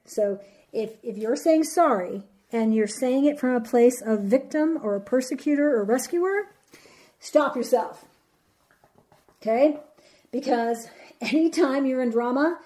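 A woman hosting a solo podcast, talking earnestly with many pauses, fillers and restarts. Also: fairly high pitch, dark tone. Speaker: podcast host. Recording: roomy echoey sound.

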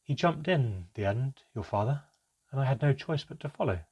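A man voicing a solemn, reluctant elf storyteller, in a measured, halting way, in a storybook reading. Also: mid-range voice, lively intonation, darkish tone, husky. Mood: grave.

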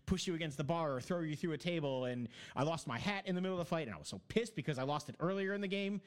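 A man's voice: a little high, animated, rapid-fire, clean tone. A man in casual chat, telling long rambling stories about a video game with many fillers.

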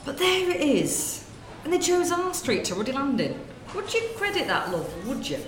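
Cheeky shopkeeper woman, gossipy and lively, played by a woman; roomy. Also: high voice, moderate pace, slight background noise, pitched above the performer's own voice. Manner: chatty, nosy and cheeky. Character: gossipy middle-aged northern shopkeeper woman. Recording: roomy room sound.

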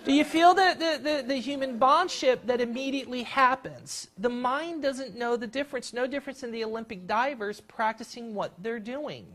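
A workshop leader talking a live group through a guided exercise, acting out scenes with sudden jumps in pitch and often repeating words and restarting. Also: moderate pace, few pauses, some chatter behind. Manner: animated, acts out scenes with big jumps in pitch.

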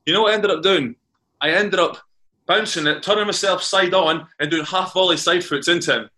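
Sharp in tone and high in pitch, the Carnoustie man talks a little quickly with fairly even intonation. He's a former footballer guesting on a laid-back podcast, and his stories wander, looping back with restarts and repeated words.

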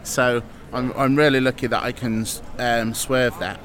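A man's voice: mid-range voice, fairly even intonation, a little slow, fairly bright tone. East Midlands man chatting outdoors. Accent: East Midlands English. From Mansfield, England. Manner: open, earnest, explains with fillers. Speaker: improviser and presenter. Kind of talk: casual interview talk.

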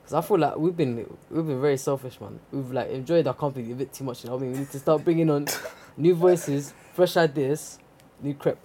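Mellow London man in slangy banter. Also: mid-range voice, fairly quick, a little hiss or hum. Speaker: podcast co-host. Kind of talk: casual chat.

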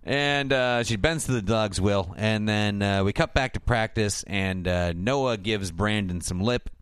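A man hosting a podcast, recapping a TV episode in casual comedic chat and jumping into silly high voices for the characters. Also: unhurried, a bit bright, smooth, dry recording, clean studio sound.

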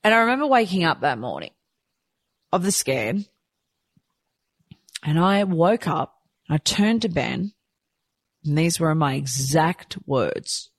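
A woman telling a personal story candidly and from the heart, rushing and restarting her sentences. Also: low-pitched, sing-song, dry recording. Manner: heartfelt, rushed, with frequent restarts. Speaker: storyteller sharing a personal experience.

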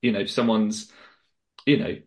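A man co-hosting a casual chat, talking sympathetically in halting, restarting sentences. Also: on the low side, steady tone, a little mellow. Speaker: co-host.

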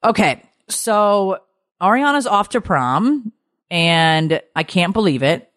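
A middle-aged woman co-hosting a podcast, telling stories in a lively, gossipy way and swearing freely. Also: medium pitch, takes it slowly, no room sound, clean studio sound. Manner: animated, gossipy storytelling with swearing. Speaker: podcast co-host. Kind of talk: casual chat.

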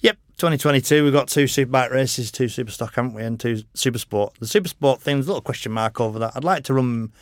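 Rambling, laughing racer telling stories. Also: male voice, medium pitch, fast talker, hardly any pauses, dry recording. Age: middle-aged. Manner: rambling storyteller, swears casually, laughs often. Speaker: podcast guest, motorcycle racer. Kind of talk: casual interview chat.

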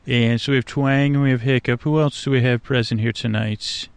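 A man rambles softly and whimsically, as if talking to the frogs at a night-time swamp. His voice has a gravelly edge, and he drifts through hesitations and restarts. The sound is dry and close, with no roominess. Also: medium pitch, steady tone, fairly quick, no room sound. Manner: meandering, hesitant, many fillers and restarts, whimsical. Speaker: sleep podcast host. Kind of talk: rambling, drowsy monologue outdoors at night.

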